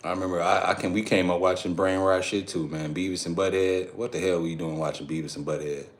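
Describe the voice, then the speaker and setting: A man's voice: sits low, fairly even intonation, fast talker. A man chatting loosely on a live stream, slangy, profane and rambling. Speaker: fitness streamer. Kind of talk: casual live-stream chat.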